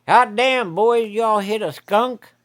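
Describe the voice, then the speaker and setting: A man voicing a loud, cussing old white-haired store owner. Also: mid-range voice, big pitch swings, normal speed. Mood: hollering. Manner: hollering, cussing.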